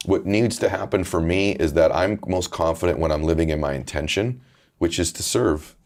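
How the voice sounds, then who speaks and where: A man with a deep voice, talking candidly as a guest author in a casual interview. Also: moderate pace, a little mellow. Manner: earnest, candid storytelling.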